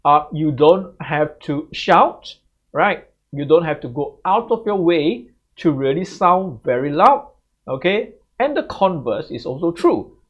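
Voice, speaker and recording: Here a man with a fairly high, slightly rough voice teaches an exam tips lesson to camera as an English tutor. He's very animated but a little slow, chatting along and checking in with "right?" after his sentences, over slightly muffled lo-fi audio.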